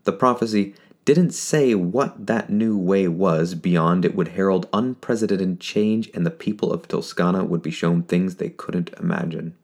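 Deep, gravelly male story narrator. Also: a little slow, few pauses, a little mellow. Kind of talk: scripted fiction narration.

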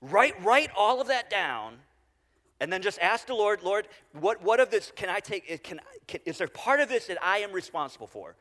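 A middle-aged man preaching a sermon as pastor, conversational with halting restarts, dropping to quiet repeated phrases. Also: sits high, sing-song. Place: church sanctuary. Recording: long reverb of a large hall.

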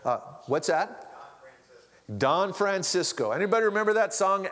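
Middle-aged male pastor, a bit high-pitched, talks off the cuff, long hall reverb. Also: very animated, unhurried, fairly bright tone. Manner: conversational, with restarts and asides. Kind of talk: sermon.

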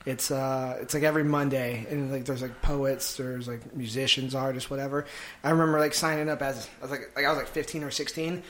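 A comedian chatting as a guest, excitable and loose, with frequent laughs, swearing and restarts. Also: male voice, mid-range voice, fairly quick. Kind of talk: casual chat.

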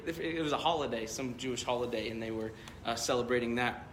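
A man's voice: medium pitch, brisk, few pauses, a bit bright, roomy sound, slight background noise. A male pastor preaching a sermon, telling a story in a loose, conversational way with many fillers.

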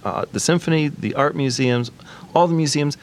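A man's voice: a little high, moderate pace. A man guest on a podcast in casual chat, enthusiastic and sweary. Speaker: podcast guest, shop owner.

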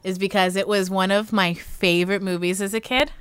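A young woman co-hosts a casual movie podcast, animated and quick to laugh. Her voice is bright and crisp, and it sits in a dry, close recording. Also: mid-range voice, no room sound. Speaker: podcast co-host.

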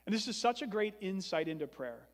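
Young guy pastor preaching, high voice, earnest and emphatic, big echoey church hall. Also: big pitch swings, a little fast. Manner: earnest, building to emphatic repetition. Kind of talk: sermon.

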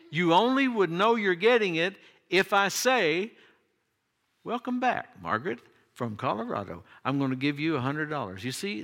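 A man preaching a sermon, emphatic, his voice jumping high when he quotes cries and pleas. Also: fairly bright tone. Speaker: pastor.

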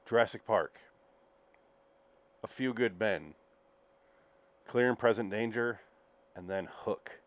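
A man's voice: fairly low pitch, slow, pauses often. Laid-back man reading film credits. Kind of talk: casual chat.

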